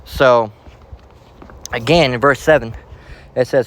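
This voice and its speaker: A man teaching from the Bible in a casual way, out of breath as he walks outdoors and slowing down to read verses aloud. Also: mid-range voice, a little hiss or hum, rough recording. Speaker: preacher. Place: outdoors, walking near traffic.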